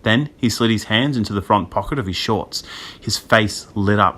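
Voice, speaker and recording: A man narrates a spooky children's tale in a lively storytelling manner. His voice sits fairly low, with a bright, forceful tone. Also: normal speed. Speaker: audiobook reader. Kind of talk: scripted narration.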